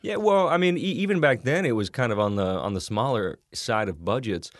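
A man in his thirties from Texas, a podcast guest telling stories in a loose, animated way, swearing freely and restarting his sentences. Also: mid-range voice, a little fast, no room sound, studio quality. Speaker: guest actor and musician. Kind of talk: casual podcast chat.

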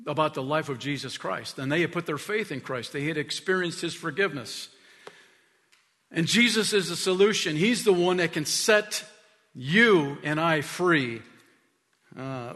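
A man preaching a sermon as pastor, telling stories with emphasis, dropping to a hush and rising to loud calls. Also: on the high side, long reverb tail. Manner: emphatic storytelling preacher, swinging from hushed to loud. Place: church sanctuary. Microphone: stage mic.

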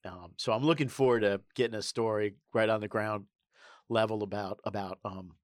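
A man co-hosting a casual political chat, wry and mocking, with many pauses and ums. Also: fairly low pitch, steady tone, no echo, clean studio sound. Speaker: podcast co-host.

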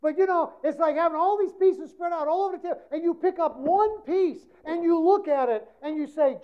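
A woman preaching a sermon with passion, swinging between loud emphasis and hushed passages. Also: high voice, brisk, hardly any pauses. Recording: dull lo-fi recording.

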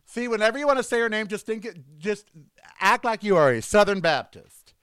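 A man's voice: high-pitched, animated, fairly quick, a bit bright, clean tone, dry recording. A man hosting a comedic rant monologue, sarcastic and mocking as he riffs at length. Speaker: host.

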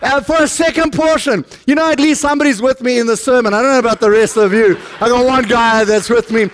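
A middle-aged South African man preaches with a notably high-pitched voice. He talks to his congregation in a loose, chatty way and slips jokes in between points. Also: quick pace. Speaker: pastor. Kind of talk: sermon.

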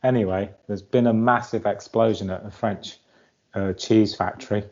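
Lowish-voiced man with dry humor. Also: fairly even intonation, normal speed, a little mellow. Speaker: podcast co-host. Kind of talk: casual chat. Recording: dull lo-fi sound.

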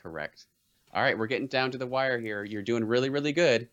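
A man's voice: medium pitch, a little fast, a bit bright, dull audio. A man hosting a casual movie quote guessing game, reading quotes in playful put-on voices. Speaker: quiz host.

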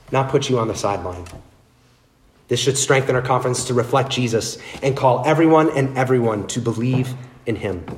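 A man's voice: on the high side, roomy sound. A male pastor preaching a sermon, speaking earnestly and addressing listeners directly.

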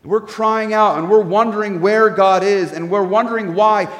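A man preaching a sermon as pastor, earnest, often restarting his words and dropping into soft asides. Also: high voice, steady tone, normal speed, echoey room, big-room sound.

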